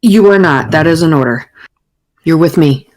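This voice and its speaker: A woman voicing a stern female starship commander who gives firm, flat orders. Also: sits low, brisk, dry recording, natural voice, poor audio. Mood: commanding.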